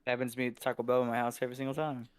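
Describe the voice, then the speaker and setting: A man's voice: mid-range voice, little pitch movement, very fast, clean tone. A young man co-hosting a casual podcast chat, rambling with lots of fillers and laughing easily. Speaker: podcast co-host.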